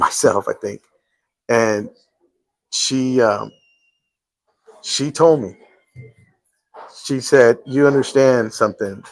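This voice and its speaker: A man's voice: medium pitch, no echo, poor audio. A male live-show host telling a personal story in casual chat, earnest and full of restarts.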